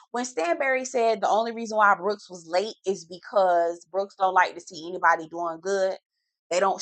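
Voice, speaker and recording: A woman with a fairly low voice recaps reality TV in a blunt, slang-heavy way, drawing out words for emphasis. Her commentary is sassy and lively, and the recording has no room sound.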